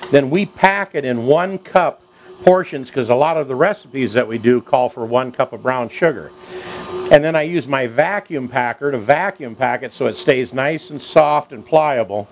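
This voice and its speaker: A man's voice: medium pitch, moderate pace. A man hosting a home cooking show, telling stories in a chatty, folksy country way while he cooks in his kitchen. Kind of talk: folksy storytelling cooking demo.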